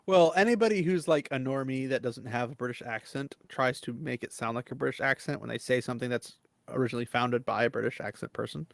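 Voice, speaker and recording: A man's voice: mid-range voice, fast, creaky, dry recording. A man co-hosting a casual group chat, joking and laughing often. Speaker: co-host.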